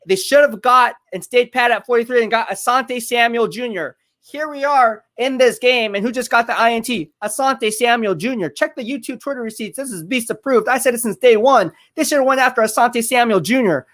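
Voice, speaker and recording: Speaking a little fast with few pauses, a man with a very high voice runs a live football watch-along. He gets excitable over the plays, talks with his viewers and keeps repeating himself.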